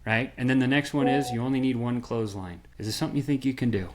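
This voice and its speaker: A man guest on a podcast, explaining a sales method with lively storytelling and quick bursts of acted-out dialogue. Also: medium pitch, slight background noise. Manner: animated storyteller, acts out quoted voices. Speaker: podcast guest, software founder. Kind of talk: energetic sales pitch in conversation.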